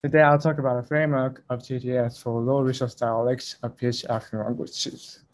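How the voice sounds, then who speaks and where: A man's voice: medium pitch, little pitch movement, a little fast. A young man presenting a research talk at a conference over a video call, speaking carefully and a little hesitantly.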